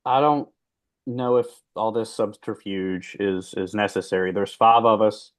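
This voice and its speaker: Deep-voiced man, direct and halting. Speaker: tabletop player. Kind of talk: casual tabletop chat.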